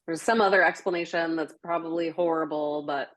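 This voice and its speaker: Low-voiced chatty woman. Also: steady tone, brisk. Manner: chatty, laughs often, many fillers. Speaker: podcast host. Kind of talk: casual chat.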